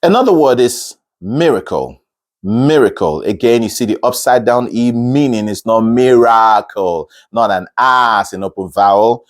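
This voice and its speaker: A man teaching singing, explaining pronunciation slowly and repeating each word to demonstrate the sound. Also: mid-range voice. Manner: slow, demonstrative, repeats words to model sounds. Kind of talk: vocal lesson on pronunciation.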